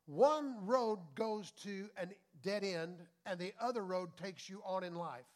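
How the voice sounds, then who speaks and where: A man preaching a sermon as pastor, folksy and conversational, dropping to soft confiding talk and rising to loud preaching. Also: high voice, unhurried.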